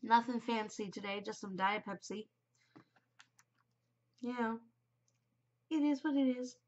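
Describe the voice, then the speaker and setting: A woman's voice: on the high side, slow, a little mellow, muffled recording. A woman in her forties hosting a knitting podcast in an upbeat, chatty way, her nose a bit stuffed from a cold. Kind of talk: casual chat.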